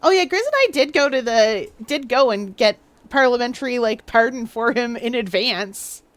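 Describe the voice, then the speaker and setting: A woman's voice: a little high, expressive, normal speed, dry recording. Woman streamer, playful and rambling, casual game chat.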